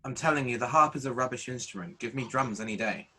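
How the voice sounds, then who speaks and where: Man playing a bright, slightly husky Roman soldier, cocky and crude. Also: mid-range voice, fast talker. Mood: bantering. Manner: cocky teasing banter. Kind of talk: audio drama acting.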